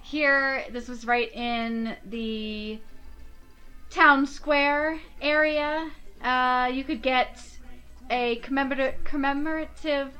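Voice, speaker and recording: A woman co-hosting a podcast in casual chat, animated and laughing often as she walks through her notes. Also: sits high, takes it slowly, soft background music. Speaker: podcast co-host.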